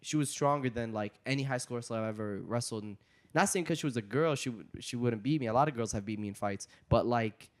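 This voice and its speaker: A young adult man, a comedian guest on a casual podcast, telling stories in an animated way, acting out quotes and laughing often. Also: mid-range voice, fast.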